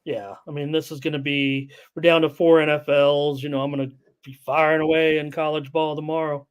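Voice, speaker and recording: Man, middle-aged, high voice, excitable, rambling, casual betting-stream banter. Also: brisk, clear, resonant tone.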